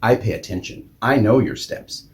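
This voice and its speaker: A man voicing an older male bartender who sounds gruff and offhand, in a lower voice than his own. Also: normal speed, natural voice.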